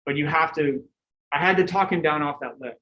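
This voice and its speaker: A middle-aged man, a cycling coach, giving a lecture full of animated stories and acted-out quotes, laughing now and then. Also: on the high side, fairly quick, poor audio. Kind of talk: lecture with anecdotes.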